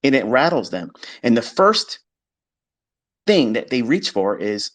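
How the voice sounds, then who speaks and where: A man's voice: medium pitch, sing-song, measured pace, long pauses, a bit bright. Blunt, swearing man lecturing listeners. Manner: blunt, emphatic, swears, mimics skeptics in quoted asides. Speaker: trading educator hosting a live audio space. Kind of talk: casual monologue to listeners. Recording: live audio chat stream.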